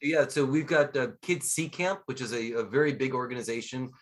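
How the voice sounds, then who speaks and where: A man guesting on a podcast, chatting casually and telling stories with a lively manner and frequent laughs. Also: medium pitch, brisk. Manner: lively storyteller, laughs often. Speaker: guest, scuba instructor and magician. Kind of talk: casual interview chat.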